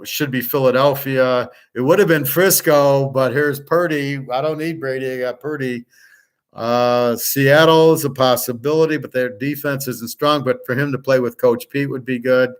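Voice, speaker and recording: A middle-aged man rants on his own live stream, blunt and foul-mouthed. His pitch sits in an ordinary middle range for a man, and he swings between quick outbursts and slower, drawn-out asides. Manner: profane, blunt, ranting. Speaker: sports handicapper and show host. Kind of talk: casual live-stream rant.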